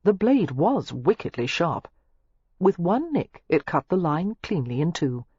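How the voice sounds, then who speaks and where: An audiobook narrator reading a novel aloud in an expressive, scripted style. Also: a little slow, slightly rough, dry recording. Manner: expressive, shifting pitch through the narration. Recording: dull lo-fi dry recording.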